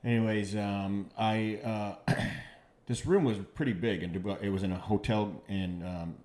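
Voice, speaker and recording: A man, a comedian guest on a podcast, telling stories in casual chat, halting and repeating words, lively when he quotes others. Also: fairly low pitch.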